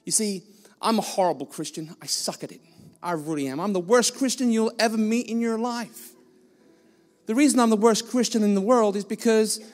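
Male guest preacher, high voice, blunt and self-deprecating, church-hall echo. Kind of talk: sermon.

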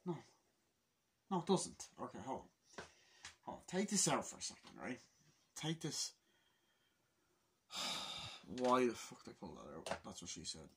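A man's voice: medium pitch, huge pitch swings, unhurried, long pauses, fairly bright tone, a little hiss or hum. A man of twenty-two in a casual vlog, exasperated and swearing as he mutters to himself. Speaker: film collector vlogger.

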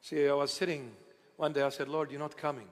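Preacher, male, affectionate and playful, bursts out loud at times, voice higher than usual, echoing church hall. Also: level tone, brisk. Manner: tender, playful preaching with sudden loud outbursts. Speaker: bishop. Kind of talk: sermon.

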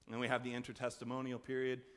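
A man preaching a sermon as pastor, conversational and animated, acting out voices in the story. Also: rapid-fire. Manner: conversational, acts out quoted voices with big swings in pitch and loudness. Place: church sanctuary. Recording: long church reverb.

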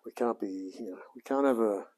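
An Australian hobby mechanic in his forties chats casually on a livestream while he works in his home workshop, often talking to himself. His voice sits on the low side and moves fairly quickly, a little mellow with a slight roughness.

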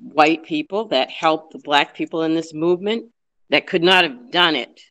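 A man speaks about local history in an earnest, hurried way, with frequent ums and restarts. His voice sits fairly high and sounds bright. He talks as a guest fielding questions. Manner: earnest, fast-paced, with many fillers and restarts. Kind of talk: informal history talk with questions.

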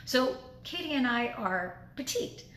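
A woman speaker telling a motivational story, animated, acting out her own inner voice as she goes. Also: fairly high pitch, unhurried. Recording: echoey room with faint noise.

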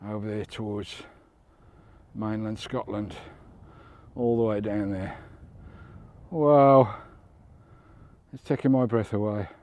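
A British vlogger on a coastal walk talks chattily to the camera, often exclaiming at the views and sounding a bit out of breath. His voice is on the low side and darkish, with slight background noise.

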